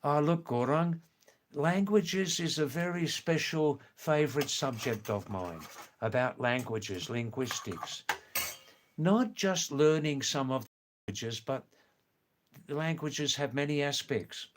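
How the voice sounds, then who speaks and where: Slow-spoken Australian man hosting a stream. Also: fairly high pitch, slight background noise. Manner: slow, careful and clear, with frequent chuckles. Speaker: live stream host. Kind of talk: casual live-stream chat reading viewer comments.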